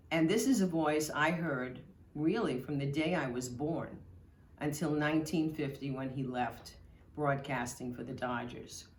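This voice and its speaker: Brief: older woman, slow fond reminiscence, echoey room. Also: sits low. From Brooklyn, New York. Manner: fond, storytelling delivery. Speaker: local history speaker. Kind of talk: reminiscing talk.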